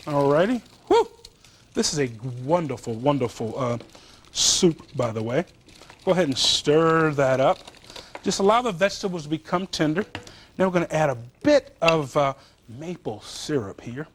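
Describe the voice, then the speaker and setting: A man's voice: a little high, moderate pace, a little hiss or hum. A man hosting a TV cooking show, chatting and joking with the crew as he demonstrates recipes in a studio kitchen. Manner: chatty, animated, jokes with crew.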